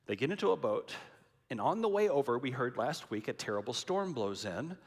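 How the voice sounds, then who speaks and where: Dramatic preacher with lively pitch. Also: male voice, a little fast. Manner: dramatic, emphatic, repetitive. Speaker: pastor. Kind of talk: sermon. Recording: long hall reverb.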